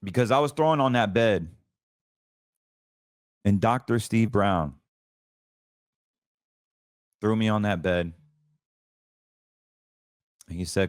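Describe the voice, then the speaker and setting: Deep-voiced man giving earnest testimony. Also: steady tone, a little slow, long pauses, smooth, dry recording, clean studio sound. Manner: earnest and preachy, voice drops low when emotional. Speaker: podcast host. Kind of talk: personal testimony in casual talk.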